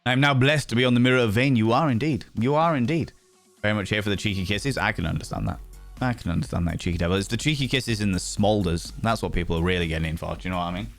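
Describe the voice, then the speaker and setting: A man's voice: lowish voice, quick pace, vocal fry, soft background music. A man chatting playfully and theatrically on a game stream, laughing often. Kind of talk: casual live-stream chat.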